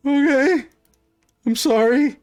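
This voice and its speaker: Guy doing a squeaky scared young elf, stammering and pleading, way up high. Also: slow, darkish tone, no echo, clean studio sound, faint music behind. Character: timid nervous young male elf.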